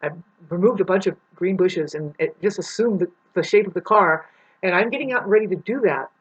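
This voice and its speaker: Husky woman telling a rambling story. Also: on the low side, brisk, dull audio. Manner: rambling, swears, acts out the people in her story with big voice swings. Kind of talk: casual storytelling monologue.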